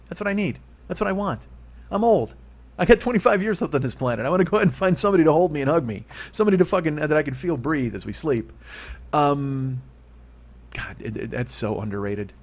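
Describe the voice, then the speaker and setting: A man's voice: mid-range voice, creaky, breathy edge. A man in his fifties hosting a solo comedy podcast, rambling and profane with a self-mocking streak. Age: 50s.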